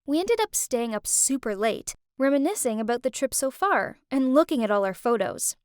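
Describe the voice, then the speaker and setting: A young woman narrating an animated story in first person, chatty and breathless. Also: sits high, moderate pace, clean tone, no echo, clean studio sound.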